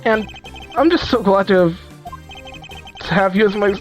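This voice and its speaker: A woman's voice: medium pitch, normal speed, soft background music, natural voice. A woman voicing an earnest, emotional young male defense lawyer in a fan-made courtroom game. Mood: heartfelt. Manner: earnest and heartfelt, voice catching with emotion.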